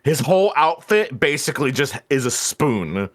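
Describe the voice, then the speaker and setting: A man's voice: on the high side, big pitch swings, normal speed, a bit bright. A young man chatting casually and profanely while livestreaming. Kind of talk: casual live-stream chat.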